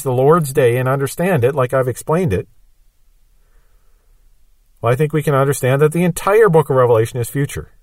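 Male Bible teacher, steady mid-range voice, patient explainer, dry close sound. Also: medium pitch, no room sound. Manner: patient explaining with everyday examples.

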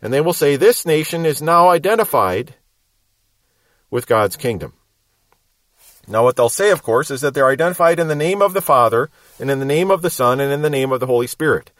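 A man with a slightly raised voice teaches Scripture verse by verse, explaining the meaning of each phrase. His delivery is measured and explanatory, and he leans on key words for emphasis. The recording is dry and close. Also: on the high side, animated, fairly bright tone, no room sound. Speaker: Bible teacher.

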